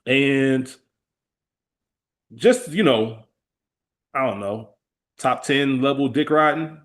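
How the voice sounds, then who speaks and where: A man co-hosting a podcast in casual, slangy chat, with a laid-back, lively way of retelling scenes. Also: mid-range voice, slow. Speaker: podcast co-host.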